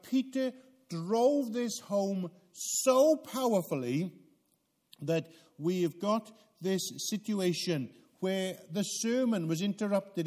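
A man's voice: sits high, a little mellow. A man preaching a sermon in a church, earnest and emphatic. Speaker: pastor.

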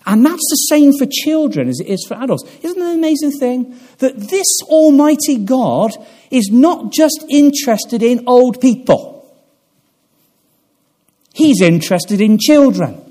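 A man delivering a sermon in a slow, measured way. His high voice rises and falls widely, sinking to near-whispers and then swelling with earnest emphasis. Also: sing-song. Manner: earnest, dramatic swells and hushed drops. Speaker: pastor.

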